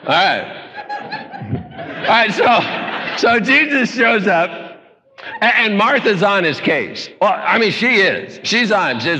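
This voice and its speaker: A man preaching a folksy, joking sermon, telling stories in an animated way. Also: high-pitched, moderate pace. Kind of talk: comedic sermon. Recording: echoey hall.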